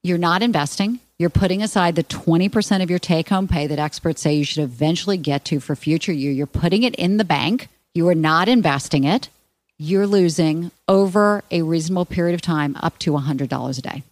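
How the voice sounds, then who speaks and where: A woman's voice: lowish voice, fairly quick, no echo. Emphatic woman finance guest. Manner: emphatic, animated explainer. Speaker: podcast guest, finance expert. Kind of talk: casual podcast interview.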